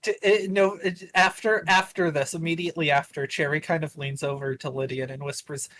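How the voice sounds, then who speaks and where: A man in a tabletop game session, chatting excitably as a player. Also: on the high side, fairly quick, slight background noise. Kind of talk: casual tabletop game chat.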